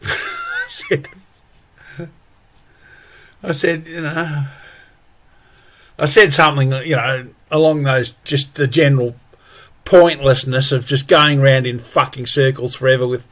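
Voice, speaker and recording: A man's voice: mid-range voice, big pitch swings, takes it slowly, pauses often, a bit bright. A man ranting angrily and profanely, full of exasperated repetitions. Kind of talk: angry solo rant.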